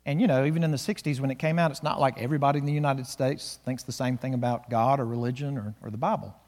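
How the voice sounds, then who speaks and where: A male pastor preaching a sermon, slowing and swelling on key words. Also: medium pitch, fairly even intonation, darkish tone, long reverb tail.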